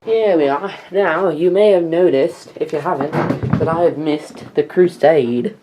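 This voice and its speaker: A woman's voice: deep voice, measured pace, background noise. A teenage girl vlogging at home, reviewing DVDs in a rambling, chatty way with asides to the camera. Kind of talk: casual vlog review.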